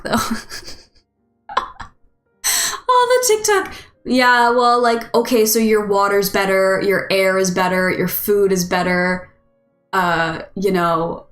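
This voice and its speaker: An American woman hosts a casual stream, chatting with her viewers in an unhurried, rambling way and giggling often. Her voice sits in a middle pitch. The room sounds echoey, and faint music plays underneath. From United States. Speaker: host.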